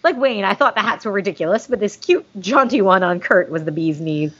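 A woman's voice: mid-range voice, expressive, fairly quick, a bit bright. A woman hosting a podcast, chatting casually and gushingly, with jokey asides. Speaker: podcast host reading listener mail. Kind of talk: casual fan chat. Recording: dull lo-fi sound.

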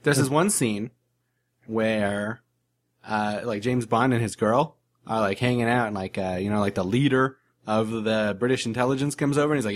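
A man's voice: fairly low pitch, moderate pace. A man co-hosting a casual podcast chat, rambling with lots of "like" as he retells movie scenes. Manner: rambling, heavy use of "like", animated retellings.

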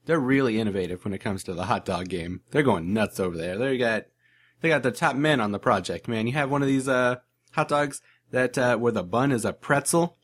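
A man's voice: medium pitch, a little fast. A man co-hosting a casual podcast chat, rambling with lots of "like" as he retells movie scenes. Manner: rambling, heavy use of "like", animated retellings.

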